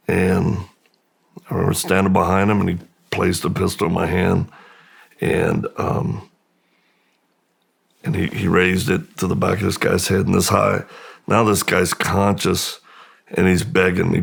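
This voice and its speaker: A middle-aged American man, a podcast guest, slowly and haltingly recounting a painful memory in a subdued, gravelly voice. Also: deep voice. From United States. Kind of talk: personal storytelling in interview.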